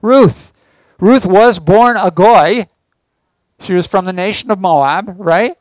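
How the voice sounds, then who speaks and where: A man's voice: high-pitched, slow pace, no room sound. A man giving a teaching sermon to a congregation, often stopping to ask the listeners whether they follow. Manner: asks the audience check questions. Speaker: Messianic teacher.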